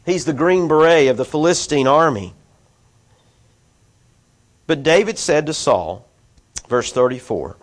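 A man's voice: fairly high pitch, lively intonation, measured pace, pauses often. Man teaching scripture in a conversational way. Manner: conversational, asides to listeners, voices quoted figures. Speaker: preacher. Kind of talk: expository Bible teaching.

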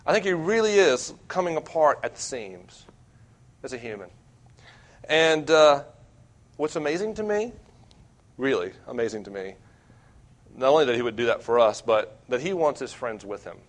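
A young man preaching as a campus minister, earnest and self-deprecating, with wide swings between loud and quiet. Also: mid-range voice, very animated, normal speed, long pauses. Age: young adult. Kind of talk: sermon.

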